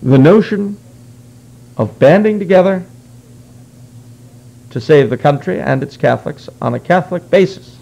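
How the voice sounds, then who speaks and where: A man's voice: on the high side, vocal fry, darkish tone, poor audio. A man giving a conversational history lecture as a guest, explaining earnestly with wry asides. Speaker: guest speaker.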